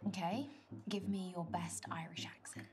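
A woman's voice: on the low side, fairly even intonation, normal speed, darkish tone, a little hiss or hum, lightly acted. An actress playing a playful, sarcastic young woman on a date in a live-action video game. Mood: teasing.

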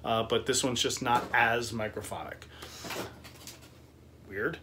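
Relaxed, chatty man reviewing a guitar. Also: mid-range voice, slow pace, background noise. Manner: relaxed, chatty, frequent fillers and laughs. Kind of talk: casual gear review.

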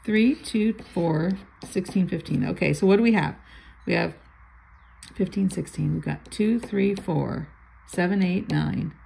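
A woman's voice: lowish voice, measured pace, gravelly, warm tone, breathy edge, poor audio. An older woman reading out lottery numbers and chatting playfully as she scratches tickets, sometimes muttering under her breath. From Florida. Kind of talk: casual chat while scratching tickets.

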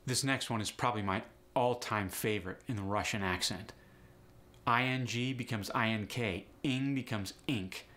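A man's voice: fairly low pitch, normal speed, bright, forceful tone. A man teaching an accent lesson step by step, upbeat and explanatory, saying example words to show each sound. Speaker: accent coach.

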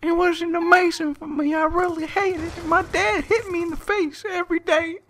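A woman's voice: very high-pitched, steady tone, moderate pace, noisy background. A woman putting on the voice of a tearful old lady who tells rambling sob stories and calls the listener sonny. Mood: mock-sorrowful. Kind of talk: joking put-on voice over game chat.

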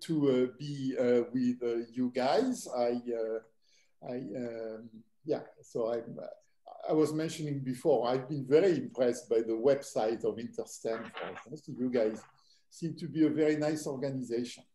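An older man from southern France with a French accent, a mathematics professor lecturing to students in a relaxed, hesitant way full of fillers. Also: medium pitch, moderate pace, a little hiss or hum. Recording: echoey room.

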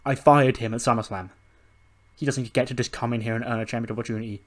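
A man playing a loud, indignant wrestler. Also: medium pitch, steady tone, fast, close to an everyday voice. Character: whiny, demanding male wrestler.

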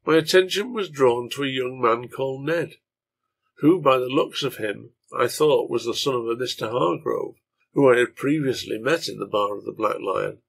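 A man narrating a translated serial novel in a measured storytelling reading. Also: mid-range voice, gravelly, breathy edge.

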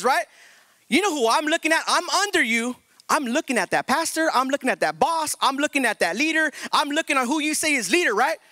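A male pastor preaching a sermon, firing rhetorical questions at the congregation and swinging between loud, high emphasis and slow, hushed passages. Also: no room sound.

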